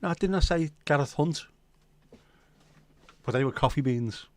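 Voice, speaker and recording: A man's voice: on the high side, a little slow, darkish tone, dry recording. A man, hosting a livestream and chatting casually with viewers in cheeky, joking banter. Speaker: livestream host.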